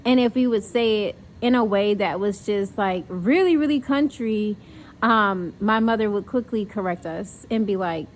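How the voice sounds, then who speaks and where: A woman's voice: medium pitch, moderate pace, a little hiss or hum. A young woman from North Carolina chatting casually in a vlog, reflective and rambling, with many fillers. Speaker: vlogger.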